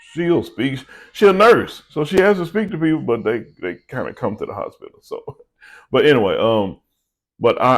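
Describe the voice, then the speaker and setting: A middle-aged man, a vlogger and small business owner, giving an earnest, conversational devotional talk to his viewers. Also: mid-range voice.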